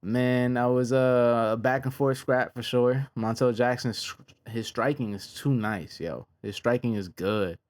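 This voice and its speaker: A man talks through a night of fights in a relaxed, slang-heavy reaction style, often pausing with an "um" before moving on. His voice sits at an ordinary middle pitch. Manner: laid-back, slangy, many "um" pauses. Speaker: host reviewing fight results. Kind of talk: casual reaction commentary.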